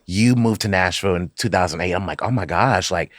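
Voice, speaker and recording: Very low-pitched woman hosting an interview. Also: a little fast, dry recording, clean studio sound. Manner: encouraging, many short agreeing replies. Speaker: podcast host. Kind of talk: casual interview.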